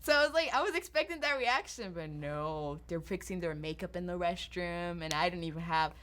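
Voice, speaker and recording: Lively young woman telling stories. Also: fairly low pitch, normal speed, a little hiss or hum. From Nigeria. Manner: lively storytelling, acts out quoted voices. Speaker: podcast host. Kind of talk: casual chat.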